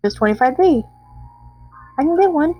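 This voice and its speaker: A young woman with a high, lively voice, chatting and reacting as she plays through a game. The sound is dry and close, with faint music underneath. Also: moderate pace, no echo, low-quality recording. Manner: chatty, reacts aloud, reads dialogue. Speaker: gamer. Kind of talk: let's play commentary.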